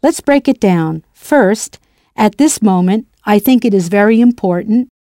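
A woman narrating a scripted language lesson in a clear, playful way, spelling words out letter by letter. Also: mid-range voice, lively intonation, unhurried, mellow, dry recording, studio quality. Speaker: language teacher.

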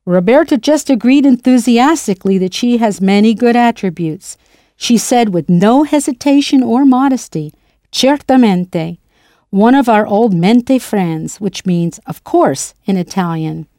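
A woman narrating a scripted language lesson in a clear, playful way, spelling words out letter by letter. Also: fairly high pitch, expressive, normal speed, dark tone, no room sound, studio quality. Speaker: language teacher.

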